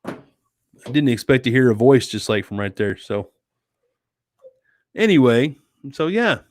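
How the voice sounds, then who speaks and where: An easygoing man hosts a late-night live stream from home. He reads viewer comments aloud and answers them in a chatty, friendly way, calling people sweetie and dude. His mid-pitched voice sounds dry and close, with no room echo. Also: very animated, measured pace. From United States. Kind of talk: casual chat reading viewer comments.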